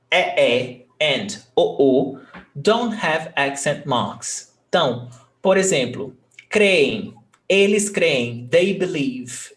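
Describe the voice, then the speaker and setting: A man, teaching a language class and patiently repeating example words. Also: on the high side. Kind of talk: live online class.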